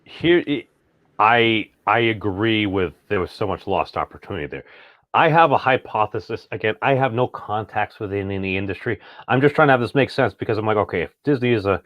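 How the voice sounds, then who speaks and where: A man's voice: fairly low pitch, animated, a little fast, dry recording, highs cut off. A man co-hosting a casual chat, rambling and hedging with lots of filler words. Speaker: podcast co-host.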